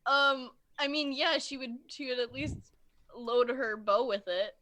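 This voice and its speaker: A woman's voice: high-pitched, a little slow, pushed and bright. A woman playing a tabletop game, chatting casually, giggly and a bit hesitant. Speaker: player.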